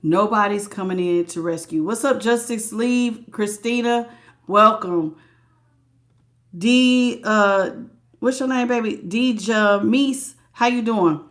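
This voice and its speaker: A woman's voice: medium pitch, slow pace. A woman giving a live tarot reading, chatty and emphatic, greeting viewers by name and repeating words for stress. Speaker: tarot reader.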